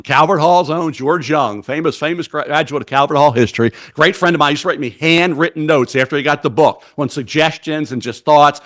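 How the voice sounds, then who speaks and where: A man in his sixties with a Baltimore accent is a guest on a radio talk show. He rambles quickly and effusively, piling up names one after another, and his voice sits a touch higher than most men's. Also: fairly bright tone. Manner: rapid, effusive, rambling with name lists. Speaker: guest, draft analyst. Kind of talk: casual radio interview.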